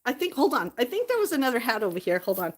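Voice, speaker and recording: A woman's voice: on the high side, big pitch swings, quick pace. A woman vlogger chatting casually to the camera, tearful at times and laughing often between lines.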